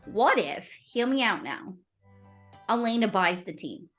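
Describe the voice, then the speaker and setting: A bubbly, self-assured teenage superhero girl who teases her friends and laughs easily, as a woman plays her at a tabletop game. Her voice is bright and sparkling and swoops up and down a lot. She takes her time with each line. Faint music plays behind her. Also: mid-range voice, sing-song, measured pace. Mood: mischievous. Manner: bubbly, giggly, teasing. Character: cheerful confident teen girl superhero. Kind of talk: tabletop role-play.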